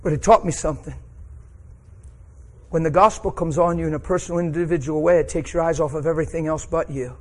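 A man's voice: fairly high pitch, steady tone, quick pace. Emotional preacher man, rising voice. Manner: emotional storytelling, voice rising and breaking. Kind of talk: sermon.

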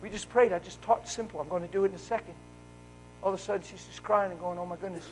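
High-voiced fervent male preacher. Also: steady tone, fast, slight background noise, rough recording. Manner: fervent, swings from loud exclaiming to hushed. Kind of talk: live sermon. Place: church service. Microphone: wearing a mic.

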